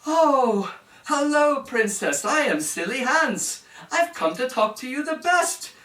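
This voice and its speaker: A man's voice: very high voice, sing-song, slow pace, pushed and bright, reverberant, far from the mic, pitched above the performer's own voice, full character voice. A man voicing a cheerful, foolish young suitor in a spoken fairy tale, brash and upbeat. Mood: cheery.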